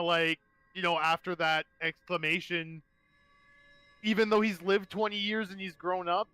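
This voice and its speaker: A man's voice: high-pitched, pushed and bright, clean tone, dry recording, rough recording. A man playing a tabletop game, describing his character's actions in a rambling way. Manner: rambling, full of fillers and restarts. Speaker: player.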